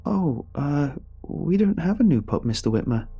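A man's voice: fairly high pitch, animated, moderate pace, gravelly, mellow, husky, pitched above the performer's own voice, exaggerated voice. A man voicing a nervous young man who stammers and hesitates, in a told horror story.

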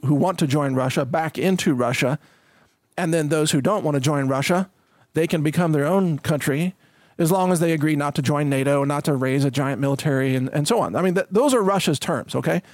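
A man delivers solo commentary in a fairly high voice, reading out quotes and then riffing on them. His talk is emphatic and loose, full of fillers and asides. The sound is dry and close, with no room around it. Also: no echo. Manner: emphatic, conversational with frequent fillers. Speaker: political commentator.

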